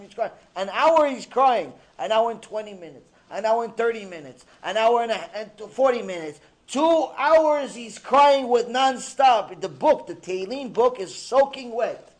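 A man giving a religious lecture, telling a story in an animated, emphatic way and mixing Hebrew terms into English. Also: high voice.

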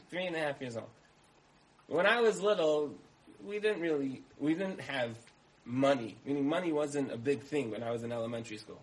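A man's voice: fairly high pitch, moderate pace, rough recording. A man giving a storytelling sermon, repeating key phrases for emphasis and acting out the dialogue of his story. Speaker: speaker giving a talk.

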